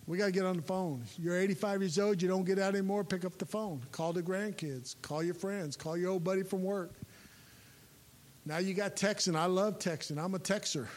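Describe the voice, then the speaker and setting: High-voiced folksy preaching man. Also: steady tone, a little fast. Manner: folksy, emphatic preaching with sudden loud peaks. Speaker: chaplain. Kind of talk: sermon. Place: church sanctuary. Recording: reverberant hall with faint hiss.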